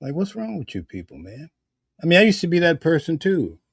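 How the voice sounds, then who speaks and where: A man's voice: fairly high pitch, huge pitch swings, fairly quick, vocal fry, breathy edge, no room sound, studio quality. A man giving casual spoken commentary in a heated, preachy way, full of rhetorical questions. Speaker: vlogger.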